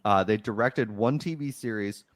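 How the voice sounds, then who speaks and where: A man co-hosting a casual film podcast, an animated storyteller who laughs often. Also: lowish voice, moderate pace, no room sound, studio quality. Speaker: podcast co-host. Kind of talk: casual movie review chat.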